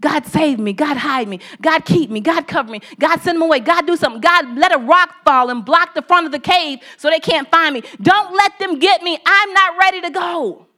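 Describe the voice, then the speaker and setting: A woman's voice: high voice, moderate pace, few pauses, bright, forceful tone. A woman voicing a terrified man hiding in a cave, pleading frantically with God during a sermon story. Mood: desperate.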